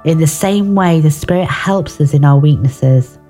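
A woman's voice: deep voice, measured pace, mellow, faint music behind. A woman giving an informal devotional talk on prayer, earnest and personal, with restarts and asides. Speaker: devotional speaker.

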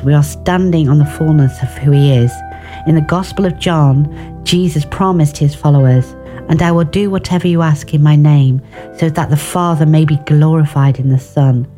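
A woman's voice: sits low, warm tone. A woman giving an informal devotional talk on prayer, earnest and personal, with restarts and asides. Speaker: devotional speaker.

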